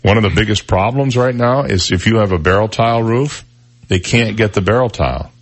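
A man's voice: lowish voice, a little fast, no echo. A man hosting a casual morning radio talk show, chatting easily and trading jokes with his co-hosts. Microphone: studio microphone.

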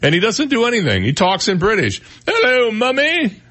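Animated joking radio host, man. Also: sits high, fast talker, breathy edge. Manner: animated, joking, laughs often, puts on silly voices. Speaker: radio talk show host. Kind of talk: casual morning radio chat.

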